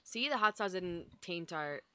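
A teasing woman on a podcast, bright-voiced. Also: lowish voice, animated, a little hiss or hum. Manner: teasing, quick questions. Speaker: podcast co-host. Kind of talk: casual chat.

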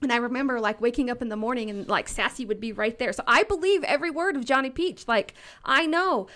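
Animated woman telling stories, fairly high. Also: fast talker. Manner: animated, laughing, acts out quoted voices. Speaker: podcast guest storyteller. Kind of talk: casual storytelling. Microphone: podcast studio mic.

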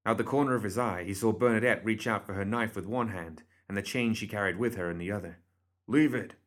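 Low-voiced male audiobook narrator. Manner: steady, measured reading.

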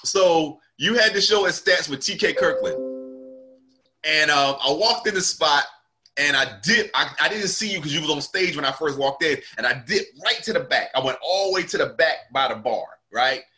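A man's voice: fairly high pitch, lively intonation, normal speed, bright, forceful tone, soft background music. A male comedian in casual conversation, animatedly telling a story and acting out what people said.

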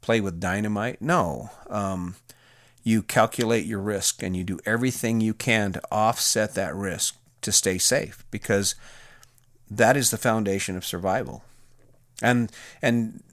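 A man's voice: fairly low pitch, measured pace, fairly bright tone, no room sound, studio quality. A middle-aged man, a former prison officer, telling a personal story in a candid, plain-spoken way with restarts and fillers.

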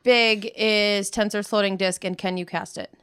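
A woman's voice: mid-range voice, steady tone, moderate pace, fairly bright tone, smooth. A woman playing a tabletop game, practically organizing the group's plan. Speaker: player. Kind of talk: casual tabletop game chat.

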